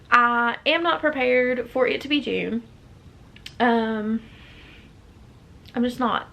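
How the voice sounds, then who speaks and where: A woman's voice: on the high side, vocal fry, a bit bright. Chatty young woman with a Southern accent. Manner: rambling, chatty, many fillers and restarts. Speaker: book vlogger. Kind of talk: casual chat.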